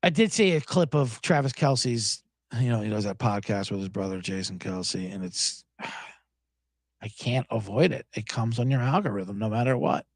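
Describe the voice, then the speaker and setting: In clean studio sound with no room sound, a lowish-voiced man hosts a sports betting show. His intonation is lively and his pace moderate as he rambles through a casual solo chat, profane and sarcastic throughout.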